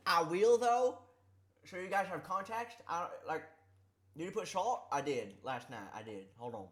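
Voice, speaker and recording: A man streaming casually, talking haltingly with a slight lisp from a sore tongue, repeating words and struggling with S sounds. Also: high voice, sharp tone. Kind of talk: casual livestream chat.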